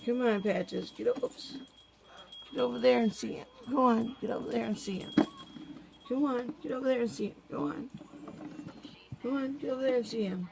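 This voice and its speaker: A woman's voice: fairly high pitch, normal speed, gravelly, long pauses, noisy background. A woman filming her pets at home, chatting and coaxing them in a sing-song voice. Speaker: pet owner filming her animals. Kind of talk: casual home video chat.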